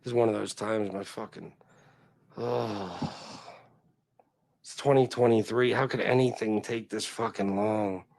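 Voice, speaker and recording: A man's voice: fairly low pitch, fairly even intonation, unhurried, gravelly, long pauses, a little mellow, dry recording. A man hosting a livestream, chatting casually with viewers in a rambling, profane way. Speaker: livestream host. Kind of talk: casual chat.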